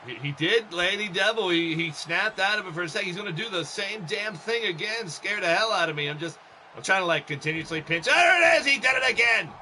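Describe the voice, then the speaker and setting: Excitable high-voiced male wrestling commentator. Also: a little fast, a little hiss or hum. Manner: excitable, joking, shouts and jumps in pitch at big moments. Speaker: wrestling commentator and show host. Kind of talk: solo play-by-play commentary of a simulated wrestling game.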